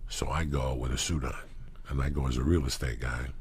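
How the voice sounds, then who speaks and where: A man's voice: rumbling low, a little fast. A middle-aged man telling profane stories in a casual talk, acting out the people he quotes. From New Jersey. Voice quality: gravelly. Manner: profane, animated storytelling with acted quotes. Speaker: storyteller guest. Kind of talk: casual storytelling.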